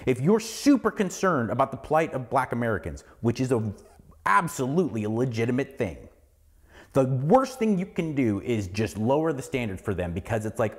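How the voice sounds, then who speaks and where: A man's voice: medium pitch, sing-song, normal speed. A man in his forties hosting a solo podcast, ranting heatedly with lots of swearing and repeated words. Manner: heated, profane, repeats words when worked up. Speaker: podcast host.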